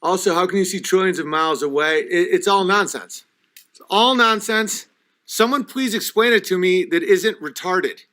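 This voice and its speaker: A high-voiced man who rants on a livestream, swearing and arguing with his chat. His voice is bright and sharp, and a few drinks loosen his delivery. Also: normal speed. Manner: agitated, profane, reading chat comments aloud. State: has been drinking. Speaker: livestream host.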